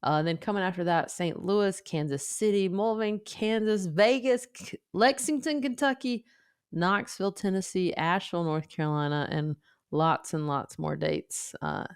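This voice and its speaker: A woman's voice: on the low side, moderate pace, smooth, dry recording, studio quality. A woman co-hosting a podcast, upbeat as she rattles off a list. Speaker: podcast co-host. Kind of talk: casual chat.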